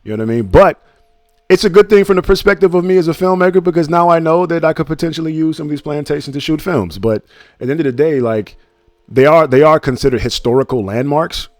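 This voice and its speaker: A young man co-hosting a casual commentary chat, telling stories with animated quoted voices. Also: dry recording, studio quality. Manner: animated storytelling, acts out quotes in a higher voice. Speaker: podcast co-host.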